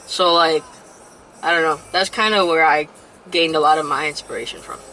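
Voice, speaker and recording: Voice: medium pitch, fairly even intonation, moderate pace, sharp tone, soft background music, poor audio. A young adult rapper speaking candidly as an interview guest, full of "like" fillers. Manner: candid, heavy use of "like" fillers. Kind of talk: casual interview chat.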